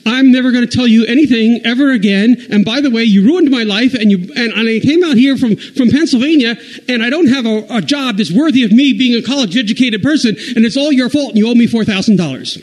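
A woman's voice: on the high side, fast talker, hardly any pauses, a little mellow, voice pushed up, natural voice. A man voicing an indignant grown daughter who accuses him in a whiny, betrayed tone. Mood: aggrieved.

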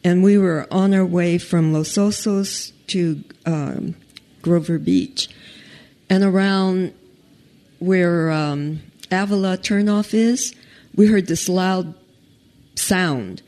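A woman telling a personal story in an unhurried, conversational way, pausing and restarting as she goes. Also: lowish voice, dark tone.

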